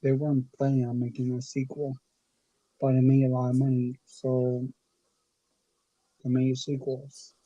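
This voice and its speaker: Brief: low-key man, husky tone, dry close sound, short factual comments. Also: completely flat delivery, unhurried, pauses often, dark tone, no room sound, lo-fi sound. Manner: brief, matter-of-fact remarks. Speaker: watch-along co-host. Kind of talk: casual chat over a movie.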